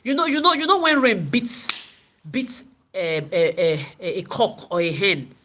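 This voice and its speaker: A woman's voice: medium pitch, lively intonation, a little slow, pushed and bright, a little hiss or hum. A woman vlogger telling her story in an angry, profane rant, often repeating and stumbling over words. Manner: profane, repetitive stammering.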